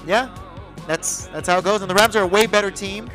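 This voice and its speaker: Animated man arguing football picks. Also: high-pitched, fairly quick, soft background music, rough recording. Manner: animated, swears, argues picks. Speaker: podcast co-host. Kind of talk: casual sports chat.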